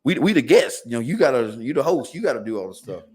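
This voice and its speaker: A man's voice: mid-range voice, big pitch swings, fast talker, breathy edge. A man, a podcast guest casually telling a long personal story, full of fillers and repeated words. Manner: fillers and repeated words, quoting others in dialogue.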